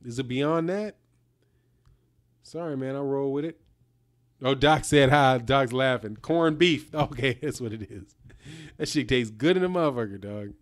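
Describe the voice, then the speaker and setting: A man's voice: mid-range voice, measured pace, pauses often. A man hosting a casual live stream, talking loosely in slang, reading out viewer comments and a little tipsy from whiskey.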